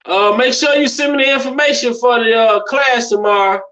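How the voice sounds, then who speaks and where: A woman's voice: on the high side, normal speed, fairly bright tone. A woman vlogger in casual reaction commentary, chatty and exclaiming, talking straight to her viewers. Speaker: vlogger reacting to internet clips.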